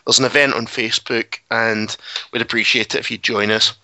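A man's voice: mid-range voice, little pitch movement, brisk, sharp tone, dry recording, dull audio. A man hosting a podcast, giving friendly announcements with lots of ums and uhs. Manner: friendly, filler-heavy. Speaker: podcast host.

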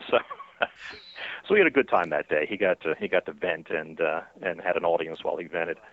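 A man, an author being interviewed by phone, talking in a halting way with many fillers and restarts. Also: low voice, no echo. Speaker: author and guest. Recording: tinny dry phone line.

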